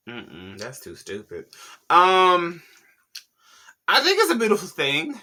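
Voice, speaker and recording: A man's voice: fairly high pitch, big pitch swings, slow pace, pauses often, sharp tone. A man hosting a casual celebrity gossip vlog, sassy and slangy, talking straight to his viewers. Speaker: YouTube pop culture host.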